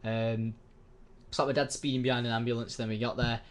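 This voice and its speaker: A man's voice: mid-range voice, level tone, a little fast. A young man telling a story in a casual vlog, rambling and swearing, acting out the voices of the people he quotes. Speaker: YouTuber.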